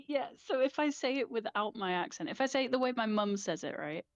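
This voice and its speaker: A woman's voice: a little high, animated, fairly quick, no echo, muffled recording. A woman with a part-Cockney London accent, chatting casually and giggling often on a live stream. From England. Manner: chatty, giggly, hesitant with fillers.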